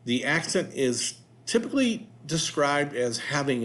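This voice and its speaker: A man's voice: mid-range voice, expressive, a little slow. A man hosting a video, reading notes aloud and adding loose asides with fillers. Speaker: host. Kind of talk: casual narration reading from notes.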